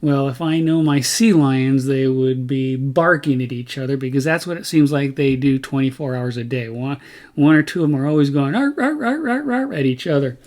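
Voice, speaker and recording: A man's voice: mid-range voice, steady tone, normal speed, darkish tone. A man hosting a casual nature vlog outdoors, chatty and folksy, often stopping to correct himself mid-sentence. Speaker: vlog host.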